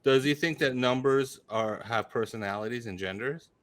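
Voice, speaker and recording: A man co-hosting a podcast tells a story in a casual, animated way. He teases his friends and often stumbles and restarts mid-sentence. His voice sits at an ordinary middle pitch. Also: normal speed. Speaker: podcast co-host.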